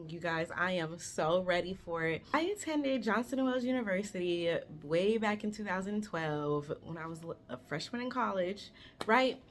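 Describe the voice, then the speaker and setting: A woman around thirty telling a story on her vlog in a chatty, animated way, swearing freely and talking straight to her viewers. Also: on the low side, moderate pace.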